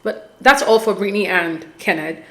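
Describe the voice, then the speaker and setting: A woman's voice: medium pitch, moderate pace. A woman hosting a casual show recap, talking animatedly and with exasperation straight to her viewers. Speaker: podcast host recapping a reality show. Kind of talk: casual commentary.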